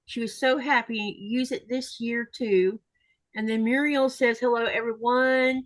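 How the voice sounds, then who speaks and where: A woman's voice: a little high, fairly even intonation, a little slow, no echo, low-quality recording. Chatty woman reading out viewer comments. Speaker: livestream host reading chat. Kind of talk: casual livestream chat.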